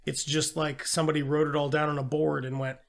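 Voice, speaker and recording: A man with a slightly higher voice recaps a film plot in a loose, profane way. He jumps into quick impressions of the characters as he goes. It sounds like an easygoing chat between friends about movies. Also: vocal fry. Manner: animated retelling with acted-out quotes and swearing. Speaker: podcast co-host. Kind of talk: casual movie review chat.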